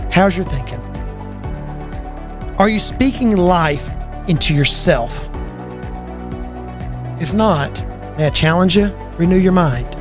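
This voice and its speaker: High-voiced emphatic man. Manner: emphatic, preacher-like cadence with repetition. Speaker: business coach and host. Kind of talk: motivational talk, reciting a personal mantra.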